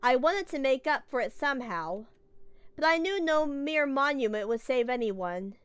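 A woman reading the lines of a remorseful old man hiding a family secret, in a plain, calm voice. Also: high voice, normal speed, clear, resonant tone, no room sound, faint music behind. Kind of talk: reading game dialogue aloud.

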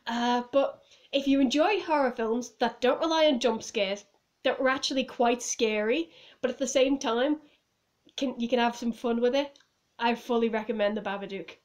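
Recorded on a phone or camera set on a table, a woman reviews a film in a relaxed home vlog. She rambles and giggles, constantly saying "like" and "I was just like." Her voice is a little high, at a normal speed.

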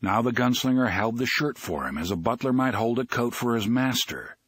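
A man reading a novel aloud as an audiobook narrator, in an expressive, dramatic way. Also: mid-range voice, normal speed, slightly rough, no room sound.

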